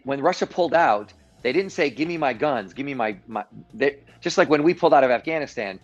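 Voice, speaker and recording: A man with a mid-range voice hosts a live-streamed show, giving emphatic, self-assured commentary sprinkled with sarcastic asides. His live-stream mic sounds muffled.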